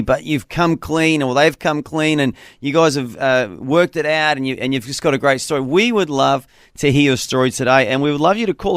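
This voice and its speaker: A man hosting a call-in radio show, with a voice that sits in the middle of the male range. He talks in an easy, story-telling way and slows down to repeat a phone number. The studio sound is close and dry. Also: medium pitch, no echo.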